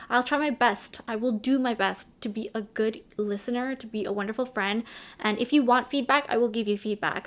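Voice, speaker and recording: Young woman, chatty advice vlog, slightly high-pitched, lots of ums and restarts. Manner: chatty, with frequent fillers and restarts. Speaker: vlogger. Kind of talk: casual advice talk to camera.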